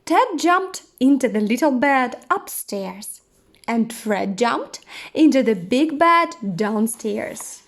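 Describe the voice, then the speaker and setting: A woman reads a children's picture book aloud at a very slow, careful pace. Her voice is high and lively, rising and falling in a sing-song way. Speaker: storyteller. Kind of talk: children's story read-aloud.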